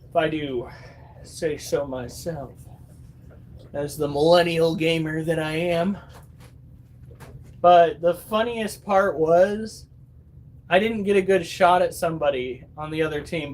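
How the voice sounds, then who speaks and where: A man in his thirties vlogging at home, telling stories to his viewers in a chatty, swearing, casual way. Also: on the high side. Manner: chatty, swears freely, acts out quotes.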